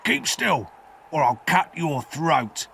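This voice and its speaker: A man voicing a rough escaped convict who growls harsh threats and questions. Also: a little high, sing-song, slow pace, pushed and bright, a little hiss or hum, pitched above the performer's own voice, full character voice. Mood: threatening.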